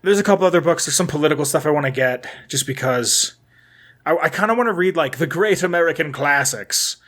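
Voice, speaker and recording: A man's voice: a little high, animated, a little fast, fairly bright tone. A young man co-hosting a podcast in casual chat, rambling and swearing loosely, often trailing off and restarting. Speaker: podcast co-host.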